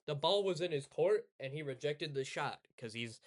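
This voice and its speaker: A man's voice: fairly high pitch, lively intonation, moderate pace, no echo, clean studio sound. Rambling, sarcastic young man. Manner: rambling, sarcastic, self-correcting. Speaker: streamer. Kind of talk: casual commentary over gameplay.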